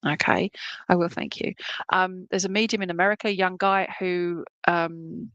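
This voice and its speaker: A woman's voice: fairly low pitch, steady tone, normal speed, a bit bright, clear, resonant tone, no echo, muffled recording. A woman working as a medium, giving a chatty, reassuring clairvoyant reading at a church service and often checking in with her listeners.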